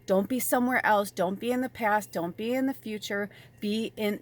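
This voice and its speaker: Chatty animated woman reading tarot. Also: fairly high pitch, normal speed, slight background noise. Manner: chatty, animated, swears, filler-heavy. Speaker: tarot reader and medium. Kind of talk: casual spiritual reading to camera.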